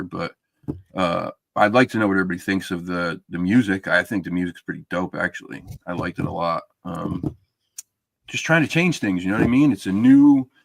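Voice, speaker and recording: Deep gravelly man hosting a casual stream. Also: dry recording. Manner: rambling, chatty, many fillers. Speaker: podcast host. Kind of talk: casual live-stream chat.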